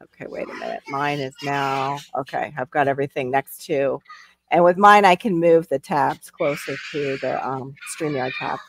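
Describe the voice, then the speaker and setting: A woman with a very deep, unhurried voice hosts a casual livestream. She chats away and greets viewers as she reads their messages from the chat.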